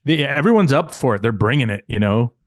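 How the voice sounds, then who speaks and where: A man's voice: medium pitch, lively intonation, a little fast, no echo, clean studio sound. A man co-hosting a casual podcast, telling backstage stories animatedly, acting out quotes, swearing and laughing often. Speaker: podcast co-host, former insider.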